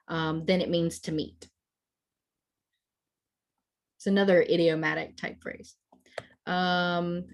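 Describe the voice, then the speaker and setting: A woman with a slightly low-pitched voice teaching over a video call. She explains things patiently and steadily, pausing often on hesitant fillers as she works through each point. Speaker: language presenter. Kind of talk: explanatory online presentation.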